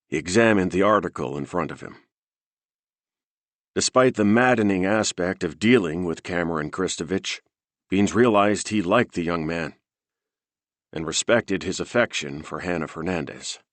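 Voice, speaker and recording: A man narrating a thriller audiobook in a steady, measured reading. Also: sits low, no room sound.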